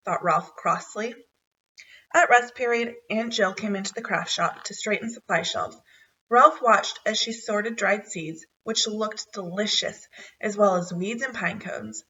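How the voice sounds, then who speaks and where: A woman's voice: mid-range voice, moderate pace, sharp tone, far from the mic, dull audio. A woman reading a children's chapter book aloud, narrating expressively. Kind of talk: storybook read-aloud.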